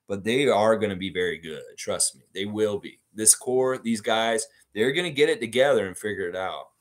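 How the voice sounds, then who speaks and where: Rambling, animated sports-channel host man. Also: fairly low pitch, normal speed. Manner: rambling, animated, reads chat aloud. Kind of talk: casual live-stream sports talk.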